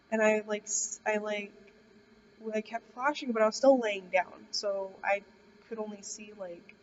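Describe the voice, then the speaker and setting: A young woman vlogger telling a scary story in casual, rambling speech full of "like". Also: mid-range voice. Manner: rambling, heavy use of "like". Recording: dull distant recording with faint hiss.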